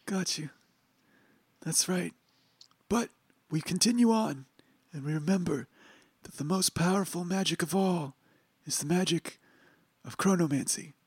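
High, husky-voiced male player. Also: a little slow, no room sound. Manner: joking, deadpan mock-earnest speeches. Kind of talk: tabletop role-play.

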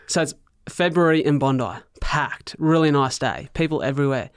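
Smooth-voiced Australian man telling stories. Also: fairly high pitch, moderate pace, no echo, clean studio sound. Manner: animated storyteller, acts out what others said. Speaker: podcast guest. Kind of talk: casual podcast chat.

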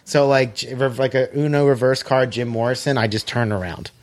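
A man telling a long story in casual chat, animated, swearing and acting out quoted dialogue. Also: mid-range voice, fairly quick.

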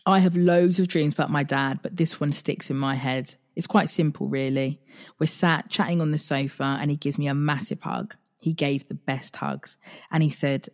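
A woman's voice: low voice, normal speed. Chatty woman podcaster. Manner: chatty, laughing, animated retelling. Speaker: podcast host. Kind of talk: casual podcast chat reading listener stories.

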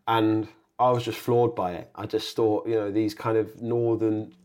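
A young adult man, an actor guest on an interview podcast, telling stories in a rambling, animated way. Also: fairly low pitch, normal speed, smooth. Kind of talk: casual interview chat.

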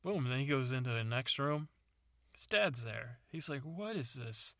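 Gravelly man rambling a bedtime story. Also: mid-range voice, normal speed, a bit bright, no room sound, studio quality. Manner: rambling, self-correcting, casual. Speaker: podcast storyteller.

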